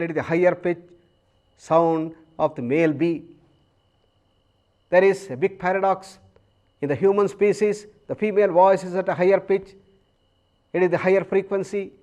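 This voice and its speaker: Calm Indian-accented yoga teacher. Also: male voice, high-pitched. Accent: Indian English. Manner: calm, measured explanation with long pauses; chants Sanskrit verses slowly. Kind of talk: spoken yoga lecture.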